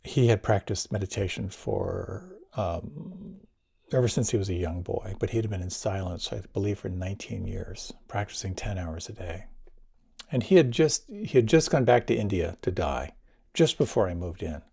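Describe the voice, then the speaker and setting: An older man, a meditation teacher, recounting his experiences in a reflective storytelling talk, swinging between near whispers and lively bursts. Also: lowish voice, moderate pace, gravelly, husky. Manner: animated, drops to near whispers and rises again.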